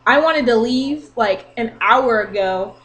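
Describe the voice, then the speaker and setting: A woman in her twenties telling an exasperated story in a casual vlog rant, animated and talking with her hands. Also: fairly high pitch, takes it slowly. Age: 20s. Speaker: vlogger.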